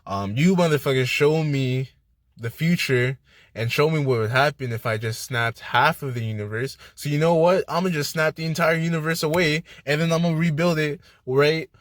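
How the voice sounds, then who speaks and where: A man's voice: fairly high pitch, normal speed, no echo, studio quality, close to an everyday voice. A man mimicking a taunting villain warlord. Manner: taunting, profane. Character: boastful grown male warlord villain, menacing.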